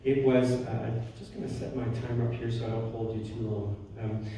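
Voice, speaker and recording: A man gives a warm, storytelling spiritual talk, often restarting his sentences. His mellow voice sits back from the microphone in a strongly echoing hall, with a faint hiss of room noise underneath. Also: medium pitch, fairly even intonation, a little fast. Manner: warm storytelling with frequent restarts and soft laughs. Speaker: guest speaker. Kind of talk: spiritual talk with personal stories. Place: church hall. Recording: roomy hall from far off.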